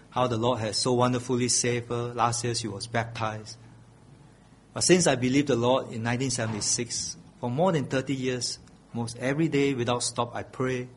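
A man's voice: mid-range voice, husky. A middle-aged male pastor preaching a sermon, earnest and pleading, repeating his key phrases.

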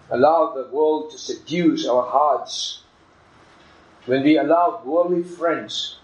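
A man's voice: medium pitch, reverberant, poor audio. A man preaching a sermon in an earnest, emphatic manner, illustrating his points with a story.

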